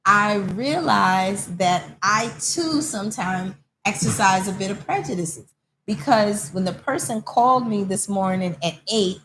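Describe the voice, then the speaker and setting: Animated woman telling stories in a salon. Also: medium pitch, unhurried, background noise. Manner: animated storyteller, acts out quoted callers. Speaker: host. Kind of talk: casual chat. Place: hair salon.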